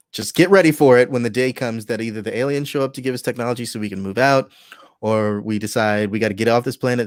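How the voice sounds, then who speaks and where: A man's voice: lowish voice, no room sound, studio quality. A man co-hosting a casual podcast, rambling and joking with profane asides. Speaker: podcast co-host.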